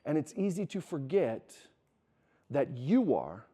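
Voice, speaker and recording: A man's voice: a little high, takes it slowly. Conversational man preaching to students. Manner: conversational, acts out quoted dialogue, builds to animated emphasis. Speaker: speaker at a Christian wilderness school. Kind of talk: sermon to students, storytelling. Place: teaching room with students.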